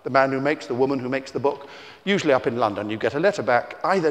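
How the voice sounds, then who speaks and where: A man's voice: mid-range voice, expressive, fast. Theatrical male storyteller in a reverberant hall. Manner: theatrical, teasing, swings between shouts and hushed asides. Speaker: children's author. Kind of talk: live storytelling talk to children. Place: book festival venue, indoors. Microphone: tie-clip mic.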